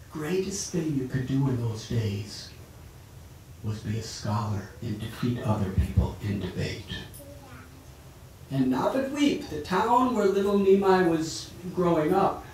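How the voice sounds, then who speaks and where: A monk tells a devotional story in an animated sermon, his pitch rising and falling a lot. The sound is distant and heavily echoing, as if from far back in a hall, with noise beneath it. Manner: animated storytelling, acting out voices. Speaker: monk lecturer. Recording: echoey hall, far mic, noisy.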